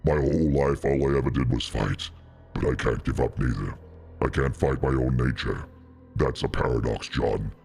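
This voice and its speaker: A streamer putting on a brooding, weary demon voice, slow and grim. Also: male voice, a little mellow, faint music behind, full character voice. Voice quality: deep gravelly growl. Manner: slow, grim, philosophical musing. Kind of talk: gaming livestream.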